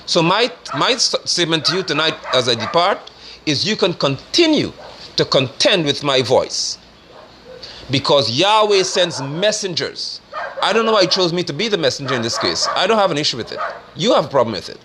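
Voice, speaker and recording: A man giving forceful, scornful political commentary in a preaching manner. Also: fairly high pitch, very animated, normal speed, background noise. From Guyana. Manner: forceful, scornful, rising to sermon-like declarations.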